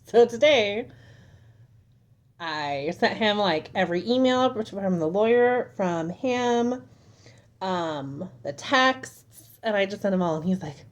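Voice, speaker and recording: A woman's voice: medium pitch, animated, slow pace, highs cut off. A young woman venting casually to the camera at home, frustrated and exasperated as she retells an argument. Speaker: vlogger. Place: home, at a table.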